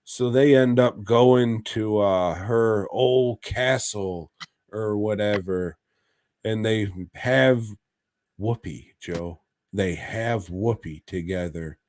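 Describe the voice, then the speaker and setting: Slow-talking, joking man. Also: fairly low pitch, a little mellow, dry recording. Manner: crude, joking, laughs through his recaps. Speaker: podcast co-host. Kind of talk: casual chat recapping a horror anthology.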